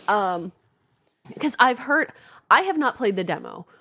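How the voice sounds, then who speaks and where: A woman co-hosting a podcast, chatting casually, hesitating and trailing off, quick to laugh. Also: mid-range voice, sing-song, sharp tone, dry recording, clean studio sound. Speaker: podcast co-host. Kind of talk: casual chat.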